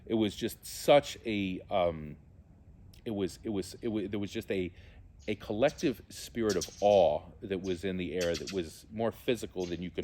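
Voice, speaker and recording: A man shares a personal spiritual testimony in a fairly low voice. He speaks earnestly and from the heart, often stopping to search for the right words. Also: darkish tone, slight background noise. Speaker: theologian and musician.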